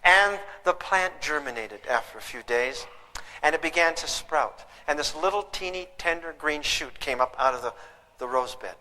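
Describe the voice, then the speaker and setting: A man's voice: on the high side, lively intonation, moderate pace, pushed and bright. An older man giving a live parenting lecture, telling stories emphatically and putting questions to his audience. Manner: asks the audience rhetorical questions; storytelling, emphatic. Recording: long hall reverb.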